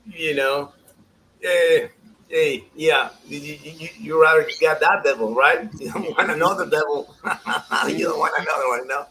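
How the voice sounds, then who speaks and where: Guy, fairly high voice, lively soccer chat, laughs a lot, faint hiss behind. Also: measured pace, poor audio. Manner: animated, laughing storyteller, acts out quotes. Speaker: guest soccer pundit. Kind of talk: casual podcast chat.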